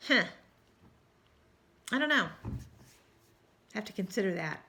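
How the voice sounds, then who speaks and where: A woman with a Texan drawl chats to her viewers in a loose, rambling way, full of y'all and little apologies. She sounds tired and keeps yawning, and her voice has a bright, forward edge. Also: medium pitch, sing-song, slow, creaky. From South Texas. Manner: rambling, chatty, apologetic, says y'all often. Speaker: cross-stitch vlogger. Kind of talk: casual chat to viewers.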